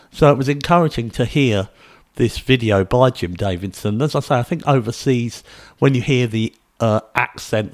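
A British man hosts a solo podcast, speaking conversationally and pushing his points with emphasis. His voice is mid-range and a little mellow.

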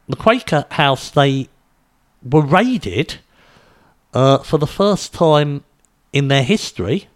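Rambling middle-aged man. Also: medium pitch. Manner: rambling, hesitant with many fillers. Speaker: commentator. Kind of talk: casual news commentary.

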